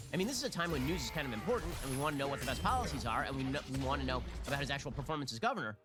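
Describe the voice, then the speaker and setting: A man hosting a political commentary show, sarcastic and mocking in his rapid-fire delivery. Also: a little high, very animated, over loud music.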